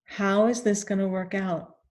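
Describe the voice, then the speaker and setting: Leading a guided tapping session, a woman speaks softly with fairly even intonation. She repeats first-person phrases and leaves pauses for deep breaths and sighs.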